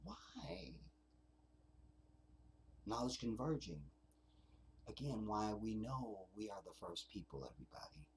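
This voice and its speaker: A man's voice: lowish voice, animated, slow pace, long pauses, a little mellow, a little hiss or hum. A man hosting a casual livestream, rambling and swearing as he reads out viewer comments. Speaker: livestream host.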